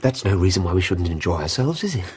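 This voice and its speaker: An eager young suitor, lively and boyish, faint hiss behind. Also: male voice, low-pitched, quick pace. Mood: delighted. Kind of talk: radio play acting.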